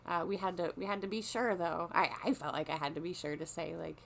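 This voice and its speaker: Rambling, foul-mouthed woman with a lowish voice. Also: fairly quick, gravelly, slight background noise. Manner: rambling, profane, full of restarts. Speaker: storyteller. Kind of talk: casual monologue. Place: lives on a small coastal peninsula.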